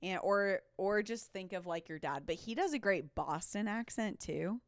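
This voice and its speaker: A woman's voice: mid-range voice, lively intonation, normal speed, no echo, clean studio sound. A young woman co-hosting a faith podcast in casual, rambling chat, laughing often. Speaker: podcast co-host.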